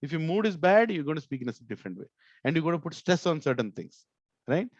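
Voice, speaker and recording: A man's voice: fairly high pitch, big pitch swings, quick pace, dry recording, muffled recording. A male corporate trainer teaching an online session, often checking in with "right?" and stressing words to make his points. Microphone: video call.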